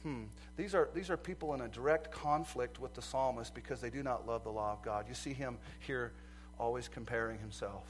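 A man preaching a sermon as pastor, swinging from quiet asides to loud emphatic passages and acting out a courtroom story. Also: medium pitch, fairly quick, a little hiss or hum. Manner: acts out courtroom scenes in quoted voices.

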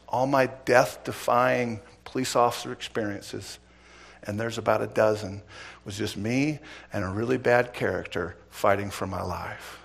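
A middle-aged man preaching a sermon, telling a police story with dramatic swings from loud to hushed. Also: medium pitch, creaky, slight background noise. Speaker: preacher, former police officer.

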